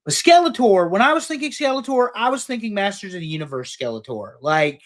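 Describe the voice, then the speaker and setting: Animated, jokey male co-host. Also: sits high, a little fast. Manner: animated, jokey, swings loud and quiet. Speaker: podcast co-host. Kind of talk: casual panel chat.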